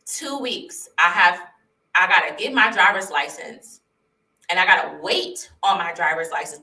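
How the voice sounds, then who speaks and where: A woman's voice: medium pitch, sharp tone. A woman sharing a personal testimony in an earnest, heartfelt way, near tears and rambling with restarts. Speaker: vlogger sharing her testimony. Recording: roomy sound, mic at a distance.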